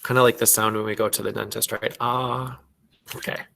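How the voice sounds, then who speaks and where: A man's voice: lowish voice, flat delivery, creaky, a bit bright. A man with a Minnesotan accent, teaching fourth graders an online class and patiently sounding out words. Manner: slow, patient, sounding out phonics.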